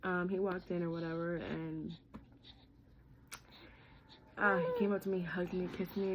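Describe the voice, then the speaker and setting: A woman's voice: on the low side, flat delivery, unhurried, pauses often, background noise. Young woman candidly recounting a story. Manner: candid, heartfelt, chatty with many "like" and "literally". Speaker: vlogger. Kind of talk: personal storytelling vlog.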